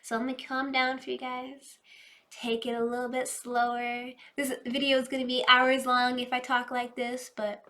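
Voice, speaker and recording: A woman doing a casual, chatty tarot reading, fast-talking and loose, addressing her viewers directly. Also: high-pitched, monotone, sharp tone, a little hiss or hum. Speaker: tarot reader.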